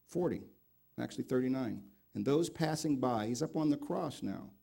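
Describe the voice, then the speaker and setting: A male pastor preaching a sermon, with a gravelly, dark and mellow voice. He reads scripture aloud and comments on it. He swings between loud, emphatic remarks and low, quiet reading. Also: lively intonation, moderate pace.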